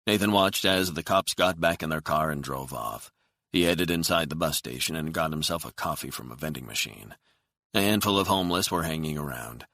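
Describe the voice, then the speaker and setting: Deep-voiced male thriller narrator. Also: expressive, fairly quick, sharp tone, dry recording, studio quality. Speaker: audiobook narrator. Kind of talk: scripted narration of a thriller audiobook.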